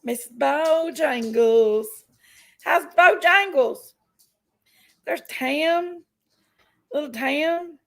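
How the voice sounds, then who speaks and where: Gravelly high-voiced woman livestreaming. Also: drawn-out words, pauses often, a bit bright, poor audio. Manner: chatty, folksy, greets viewers by name. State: unwell with an upset stomach. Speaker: livestream host. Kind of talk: casual livestream chat greeting viewers.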